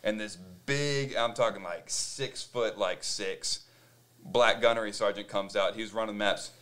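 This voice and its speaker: A man's voice: on the low side, unhurried. A man hosting a podcast, telling a story in casual chat, acting out other people's voices and swearing freely. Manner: animated, acts out quoted voices, swears freely. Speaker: podcast host.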